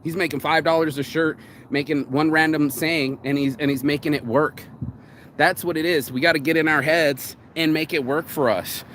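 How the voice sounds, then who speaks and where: A man's voice: a little high, steady tone, moderate pace, a bit bright, a little hiss or hum. A man giving a casual motivational talk outdoors by a road, rambling and candid, swearing freely and acting out other people's lines. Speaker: vlogger giving morning motivation.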